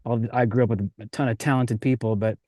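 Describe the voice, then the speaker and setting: A male band member in a casual interview, speaking earnestly and a little haltingly. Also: mid-range voice, steady tone, a little mellow, no room sound, studio quality.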